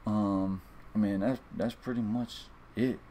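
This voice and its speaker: A man's voice: on the low side, steady tone, a little slow, warm tone. Guy, rambling and cussing to his viewers, stumbles and restarts a lot, faint hiss behind him. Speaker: fantasy sports video host. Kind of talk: casual monologue to viewers.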